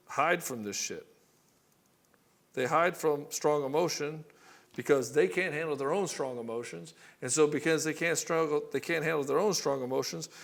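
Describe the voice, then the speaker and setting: This relationship coach's voice is a little high and creaky. Addressing husbands directly to camera, he speaks bluntly, curses offhandedly and plays both partners in brief skits.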